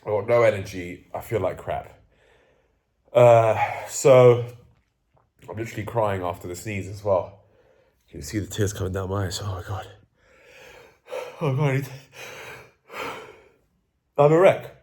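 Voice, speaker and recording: A young self-improvement coach, sitting indoors at home with the camera facing him, speaks a little slowly in a fairly low, darkish voice, pausing often. In this candid vlog he's groggy, sneezing and coughing, rambling along, swearing freely and talking himself down.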